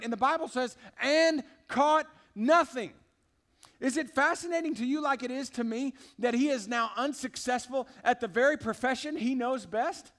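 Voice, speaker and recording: A man's voice: very high-pitched, a bit bright. A man preaching a sermon in a church service, emphatic and conversational, talking straight to the congregation. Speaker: pastor.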